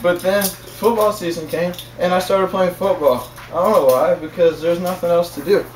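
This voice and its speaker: A man's voice: high voice, moderate pace. A young man telling a casual story in a rambling, repetitive way, chuckling as he talks. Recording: echoey room, far from mic, faint noise.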